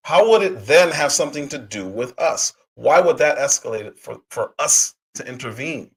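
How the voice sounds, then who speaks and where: Husky hoarse man ranting on a livestream. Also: medium pitch, expressive, normal speed, low-quality recording. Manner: heated, rhetorical questions, frequent fillers and restarts. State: hoarse from a cold, coughing. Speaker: livestream host. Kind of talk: political commentary livestream.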